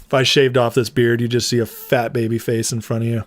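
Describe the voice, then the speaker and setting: A man's voice: mid-range voice, fairly even intonation, fairly quick, no room sound. A man hosting a casual political commentary livestream, chatty and rambling, laughing often as he talks to his viewers.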